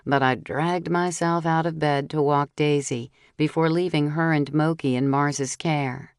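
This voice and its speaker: Low-voiced woman narrating a story. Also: a little slow, no echo, studio quality. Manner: steady, clear storytelling with voiced dialogue. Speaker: audiobook narrator. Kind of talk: first-person audiobook narration.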